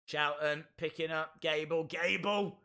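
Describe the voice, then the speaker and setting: A man hosting a live stream, reacting to a wrestling show in excitable, chatty, self-mocking commentary. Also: fairly high pitch, a little slow, clean tone.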